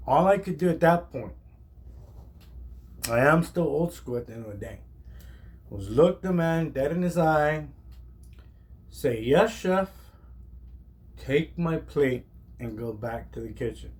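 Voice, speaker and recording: A man with a slightly high voice tells a story from his own life in a loose, conversational way. He is animated and emphatic, leaning on "like" and repetition to drive his points home. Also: a little slow, long pauses. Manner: animated, emphatic, heavy use of "like". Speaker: chef. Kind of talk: casual personal storytelling.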